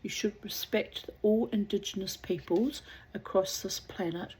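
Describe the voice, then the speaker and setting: Slow, husky woman rambling wryly. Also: medium pitch, fairly even intonation, a little mellow. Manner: rambling, wry, drops into whispers. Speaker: reader. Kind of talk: reading aloud with rambling asides.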